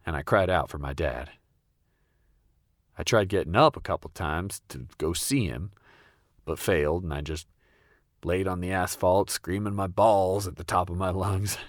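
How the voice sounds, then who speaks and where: Young guy, super deep voice, dry deadpan storytelling, dead dry sound. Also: no echo. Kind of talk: comedic first-person storytelling.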